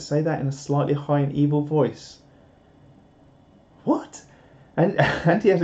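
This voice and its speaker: A man's voice: a little high, unhurried, pauses often, mellow. A man hosting a live stream, reading viewer comments aloud in a jokey, rambling way, on a dull lo-fi recording. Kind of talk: casual live stream chat. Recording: dull lo-fi sound.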